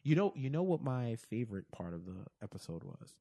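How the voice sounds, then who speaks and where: Animated man recapping a TV episode. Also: mid-range voice, brisk, highs cut off. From Caribbean family. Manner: animated, quotes scenes and laughs often, many restarts. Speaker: podcast co-host. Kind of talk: casual TV recap chat.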